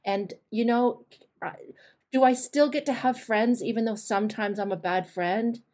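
A woman's voice: a little high, moderate pace, dark tone. A woman host coaching a caller, telling candid stories with emphatic, direct delivery. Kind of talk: coaching advice on a call.

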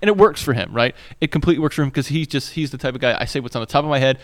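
A man in his thirties co-hosts a podcast, racing along in a medium-pitched voice. The chat is casual and rambling, full of fillers and restarts, with landscaping noise audible outside.

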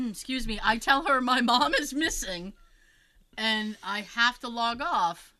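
A woman telling a story in a casual chat, animated and acting out the voices of the people in it, with frequent fillers and restarts. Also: a little high, takes it slowly, low-quality recording. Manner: animated, acts out quoted voices.

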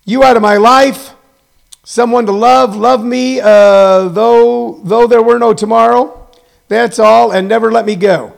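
A man's voice: extremely high pitch, fairly even intonation, measured pace, creaky. A middle-aged man hosting a show, delivering a rambling, mock-indignant comedy rant with self-mocking asides. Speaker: show host.

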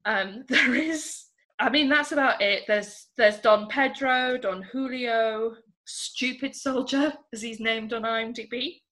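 A woman's voice: on the high side, measured pace, a bit bright. An English woman co-hosting a podcast, chatting casually about a film and laughing often. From England. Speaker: podcast co-host.

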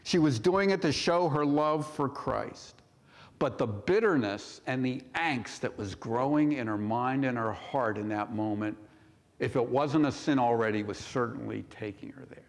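A male pastor preaching a sermon in a church, measured and full of rhetorical questions. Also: mid-range voice. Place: church sanctuary. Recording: long hall reverb.

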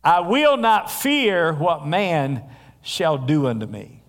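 A male pastor preaching a sermon in a church, telling stories in a conversational way with frequent pauses. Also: on the high side, huge pitch swings. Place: church sanctuary. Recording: long hall reverb.

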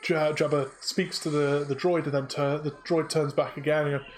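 A man narrating as game master of a tabletop game, halting with many fillers. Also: on the high side, steady tone, a little hiss or hum, rough recording.

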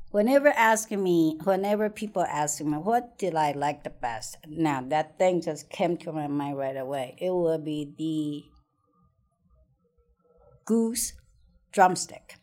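A woman's voice: fairly low pitch, darkish tone. A middle-aged woman telling a personal childhood story in conversation, hesitant, repeating words and laughing often. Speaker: interviewee.

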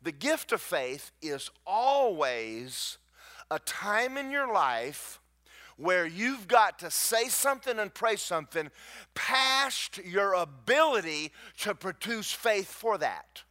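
A man preaching a sermon to his congregation, with folksy asides to the crowd and rising to near shouts at his peaks. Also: high-pitched, big pitch swings, slow. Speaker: pastor. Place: church sanctuary.

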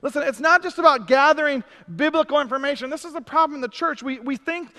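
A man preaching a sermon as pastor, swinging between emphatic preaching and hushed, intimate asides, with humorous self-deprecating moments. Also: extremely high pitch, quick pace. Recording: long church reverb.

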